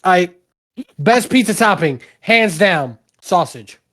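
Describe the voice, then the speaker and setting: A man's voice: sits high, expressive, slow pace, a bit bright. A man from the American South, a guest in a casual podcast chat, giving blunt, emphatic opinions and swearing freely.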